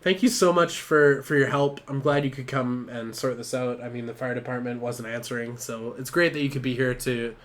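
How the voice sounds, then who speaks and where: A man's voice: medium pitch, fairly even intonation, brisk, hardly any pauses, fairly bright tone, close to an everyday voice. A man voicing a laid-back, foul-mouthed garbage truck driver in a near-normal voice, casual and rambling. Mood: grateful.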